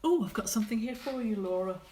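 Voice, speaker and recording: Talking fast in an animated, high-leaning voice with a dark tone, a middle-aged woman paints watercolours live. She keeps the chat casual, reading out viewer comments and teasing the people who wrote them.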